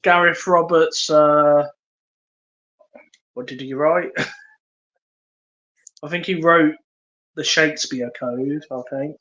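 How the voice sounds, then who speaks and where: Podcast co-host, male, slow and hesitant trivia reader, muffled lo-fi audio. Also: on the high side, fairly even intonation, a bit bright. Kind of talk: casual chat.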